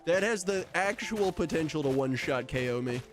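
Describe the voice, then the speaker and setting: Male streamer, casual game commentary, very animated pitch, laughs a lot, cusses. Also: brisk. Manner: jokey, laughs often, swears casually. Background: game music.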